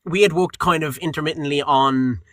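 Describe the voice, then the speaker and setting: Bright-voiced Irish man telling stories. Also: on the high side, fairly quick, no room sound. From Ireland. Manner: animated storyteller, acts out quotes, swears casually. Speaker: guest voice actor. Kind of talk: casual interview chat.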